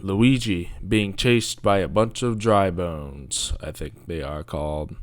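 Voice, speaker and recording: A man's voice: fairly low pitch, no echo, studio quality. A man giving casual, rambling commentary on a video, sarcastic and grumbling, with mocking asides.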